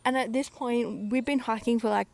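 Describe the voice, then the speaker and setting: A woman's voice: fairly high pitch, fairly even intonation, normal speed, vocal fry, no room sound. A young Australian woman chatting candidly in a casual travel vlog, swearing freely, filmed on a phone outdoors on a windy mountain. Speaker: travel vlogger. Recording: noisy outdoor phone recording.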